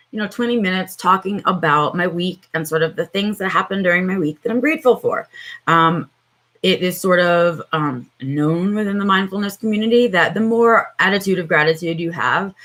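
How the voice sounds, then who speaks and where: A woman hosting a casual morning livestream, sounding tired and low on energy, chatting with viewers with lots of fillers. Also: moderate pace, fairly bright tone. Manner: chatty, greets viewers by name, many fillers. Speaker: livestream host.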